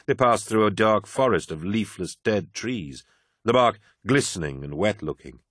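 Man, audiobook narrator, very deep voice, measured, grave, dry recording. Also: animated, fairly bright tone, dry recording.

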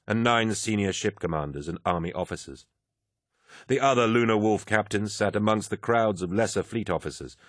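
A deep-voiced man narrates an audiobook from a script, telling the story in a steady, measured way. The recording is studio quality with no room sound.

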